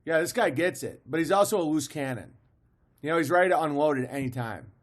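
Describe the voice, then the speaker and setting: A man hosting a stream, commenting on a comedy clip in an excited, rambling, amused way. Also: a little high, brisk. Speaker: stream host.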